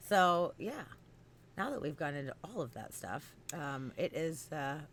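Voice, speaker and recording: A young woman hosting a podcast, telling stories in an animated, expressive way, swinging from loud outbursts to low murmurs. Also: slow. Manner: animated storytelling, swearing, voice swinging from loud to quiet. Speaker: podcast host. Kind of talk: casual podcast chat.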